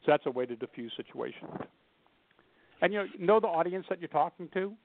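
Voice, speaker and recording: A man's voice: on the high side, brisk, vocal fry, a little hiss or hum. A man telling funny stories as a guest in an interview, acting out the voices of the people in them. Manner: animated storyteller acting out quoted voices. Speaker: guest humor speaker. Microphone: phone. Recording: tinny phone line.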